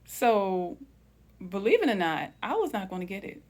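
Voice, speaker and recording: Her voice medium in pitch and sing-song, this woman tells a personal story on her wellness channel at a slow, reflective pace. She keeps calling her audience family, often drifting off into quiet pauses.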